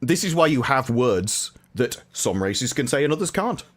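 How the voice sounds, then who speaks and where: Man, opinionated, animated, casual podcast talk. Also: medium pitch, normal speed. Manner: animated, opinionated, laughs often.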